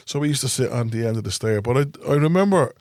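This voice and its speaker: A man co-hosting a podcast, reminiscing in relaxed casual chat. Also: medium pitch, fast talker, dry recording, studio quality. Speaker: podcast co-host.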